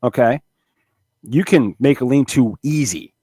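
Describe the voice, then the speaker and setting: Animated, cursing podcast co-host man. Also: medium pitch, measured pace, slightly rough, no room sound. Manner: animated, swears freely, rambling restarts. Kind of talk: casual profane banter.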